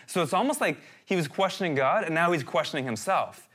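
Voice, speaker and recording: A man preaching a sermon, animated and direct, reading out scripture and calling his listeners "guys". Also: high voice, brisk, hardly any pauses. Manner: reads and dramatizes scripture verses. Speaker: pastor.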